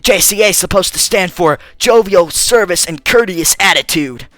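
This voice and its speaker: A man voicing a calm, clinical robot assistant who speaks in a measured, deadpan way for a fan dub of a game. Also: high voice, dry recording, soft background music. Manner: measured, deadpan, matter-of-fact. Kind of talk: fan dub of a game's text.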